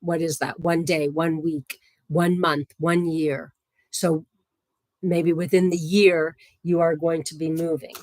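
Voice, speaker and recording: A woman giving psychic readings on a livestream in a gentle, chatty way, with many fillers and soft laughs. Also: low voice, little pitch movement, slow, dry recording.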